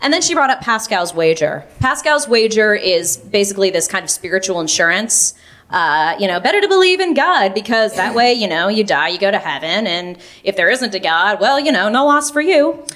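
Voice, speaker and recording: A woman's voice: medium pitch, big pitch swings, fairly quick, a bit bright. A young woman telling a personal story, wry and self-mocking, laughing through some lines. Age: young adult.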